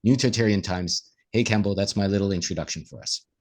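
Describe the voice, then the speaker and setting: Male co-host, lower voice, earnest and motivational in casual conversation. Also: fast talker.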